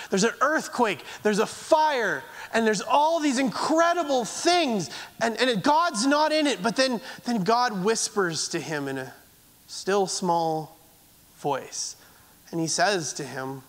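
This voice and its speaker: A man preaching a sermon, earnest and halting, often repeating words and letting phrases fade away softly. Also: very high voice. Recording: long hall reverb.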